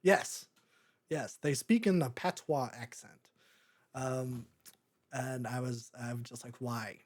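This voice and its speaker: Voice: medium pitch, slow pace. A podcast host talking through a movie in a casual, rambling way, often breaking into laughter. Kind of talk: casual movie review chat.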